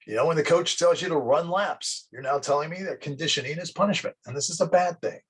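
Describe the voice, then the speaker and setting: A man's voice: fairly high pitch, fast, slightly rough, rough recording. A male psychology teacher giving a casual classroom lecture, often acting out everyday examples. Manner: casual, anecdotal, acts out examples.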